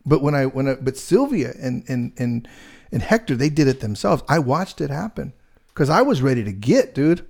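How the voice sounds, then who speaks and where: Chatting casually, a middle-aged real estate agent tells a rambling, animated story full of fillers. He speaks at normal speed in a medium-pitched, gravelly voice.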